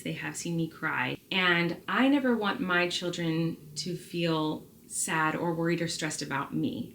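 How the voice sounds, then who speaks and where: A woman's voice: low-pitched, fairly bright tone, slight background noise. A woman in her thirties vlogging at home, answering viewer questions in a candid, rambling way with many fillers. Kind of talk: casual talk to camera, answering viewer questions.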